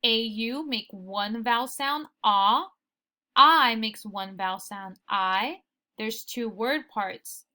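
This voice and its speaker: A young woman teaching phonics to students in a recording, sounding out syllables deliberately. Her voice sits a little high and comes across bright, and she keeps an unhurried, slow pace throughout.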